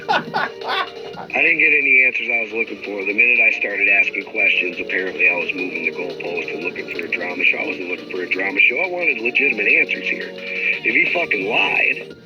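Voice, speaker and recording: Man, middle-aged, low voice, frustrated rambling rant, profane, lo-fi stream audio, music behind. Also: fairly quick. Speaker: livestream host. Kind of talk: casual livestream rant.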